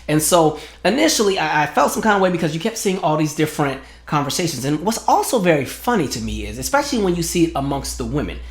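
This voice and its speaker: A man's voice: fairly high pitch, roomy sound. A young man with hosting a casual commentary monologue, telling stories and mocking the other side in a raised voice. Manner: animated storytelling, mocks opponents in raised voice. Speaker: commentary channel host.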